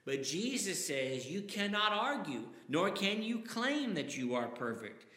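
Guy preaching a sermon, acts out the bible quotes, kinda high bright voice, big echoey room. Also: big pitch swings, a little slow. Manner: reads scripture aloud with dramatic emphasis. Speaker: pastor. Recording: echoey hall with long reverb.

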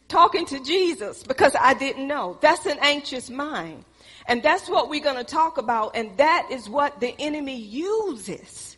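A woman preaching a sermon, telling stories and building to excited emphasis. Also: high voice, a little slow, big-room sound. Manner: storytelling, rising to excited emphasis.

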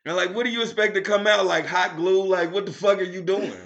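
A man with a high, bright, cutting voice tells crude stories on a casual podcast. He is loud and profane and laughs his way through each tale, and the lo-fi recording sounds dull and muffled. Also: a little fast, gravelly, slight background noise. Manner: loud, profane, animated storytelling with frequent laughter. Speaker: podcast co-host. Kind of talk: casual comedic chat.

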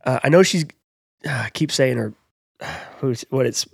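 A man co-hosting a casual podcast, joking his way through a guessing game. His voice is slightly husky and mid-pitched. It is recorded dry and close. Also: no room sound. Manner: laid-back, playful, halting when stuck. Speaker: podcast co-host. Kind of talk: casual chat, impression game.

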